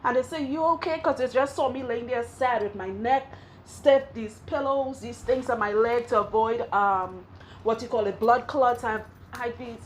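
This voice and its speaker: Her voice sits on the high side and moves at a normal speed, with a bit of hiss or hum in the recording. She's a Trinidadian-accented hairstylist and vlogger sharing an emotional, candid testimony that rambles and frequently restarts mid-sentence; she had surgery in her 20s and is older today.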